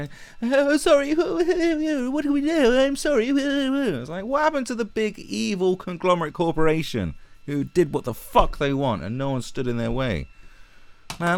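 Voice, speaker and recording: A man's voice: medium pitch, vocal fry, no room sound. A man giving a sarcastic, profane ranting commentary as an online commentator. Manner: sarcastic and profane, with mocking asides.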